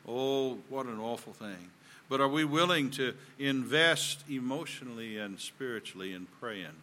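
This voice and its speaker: Earnest Southern preacher with a bright voice. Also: male voice, mid-range voice, normal speed. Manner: earnest, folksy preaching that builds in emphasis. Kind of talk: sermon.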